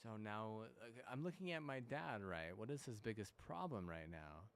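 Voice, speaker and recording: A man's voice: on the low side, sing-song, moderate pace. A young man talking casually while playing a game, swearing a lot and restarting his sentences. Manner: heavy swearing, frequent restarts and fillers; mocking mimicry of apologies. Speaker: gamer. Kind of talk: rambling gaming commentary.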